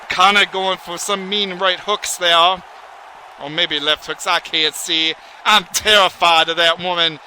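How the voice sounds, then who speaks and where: A man giving excitable, folksy, rambling play-by-play commentary on a wrestling video game. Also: high-pitched, slight background noise, poor audio.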